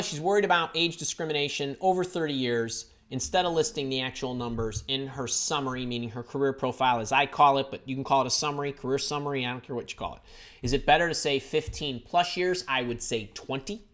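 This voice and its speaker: A man's voice: mid-range voice, a bit bright. A man in his fifties hosts a live question-and-answer stream on careers. He talks with energy and ease, tossing in jokes and little asides between the questions he reads out. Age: 50s. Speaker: career advice host.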